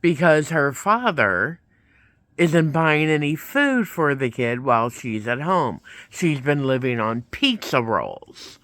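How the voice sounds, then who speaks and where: Slowly and expressively, a man with a slightly high, somewhat bright voice rambles through a vlog story, playing both parties in the conversations he recounts. The recording is dry.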